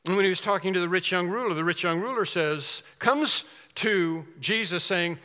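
A man preaching a sermon, earnest and emphatic, circling back to repeat his key phrases. His voice sits high and sounds bright and forward. It rings out with a long reverb, as in a large hall. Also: moderate pace, few pauses.

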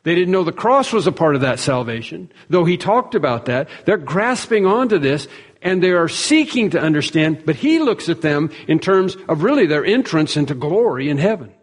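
A man preaching a sermon in an earnest, measured way, quoting speakers in small acted-out voices. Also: fairly high pitch, big pitch swings. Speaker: pastor. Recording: long reverb of a large hall.

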